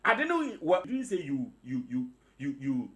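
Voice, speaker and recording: Animated Ghanaian man arguing on radio. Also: mid-range voice, normal speed. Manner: animated, insistent, mixes English, Pidgin and Twi. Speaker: radio panelist. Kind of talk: heated radio debate.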